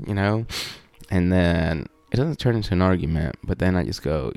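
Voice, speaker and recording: A young man talks in a loose, joking monologue, swearing freely and padding his talk with fillers. His voice sits low with a gravelly fry. The sound is dry and close. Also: a little fast, a little mellow, no echo. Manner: profane, joking, lots of fillers. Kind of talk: casual rambling monologue.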